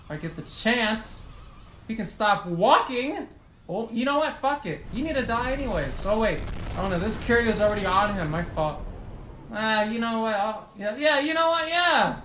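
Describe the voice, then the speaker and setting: A man giving excitable gameplay commentary, trash-talking opponents and swearing a lot. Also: high-pitched, normal speed. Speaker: gaming YouTuber. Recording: roomy echo with faint noise.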